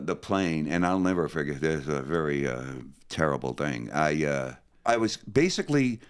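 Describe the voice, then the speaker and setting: An older man from New Jersey telling his story as an interview guest, acting out the voices of the people in it. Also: low-pitched. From New Jersey, USA. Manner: animated, acts out other people's voices. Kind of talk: storytelling in conversation.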